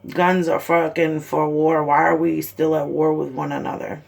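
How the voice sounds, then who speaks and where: A woman's voice: deep voice, flat delivery, moderate pace, gravelly, hardly any pauses. A mother of seven ranting to the camera in a heated, blunt way, swearing constantly. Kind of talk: angry personal video rant.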